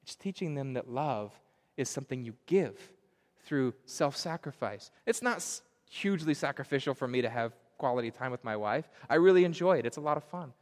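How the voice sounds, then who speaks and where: A man preaching a sermon on fatherhood in an earnest, confessional way, often pausing and repeating words. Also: mid-range voice, expressive, big-room sound. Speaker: pastor.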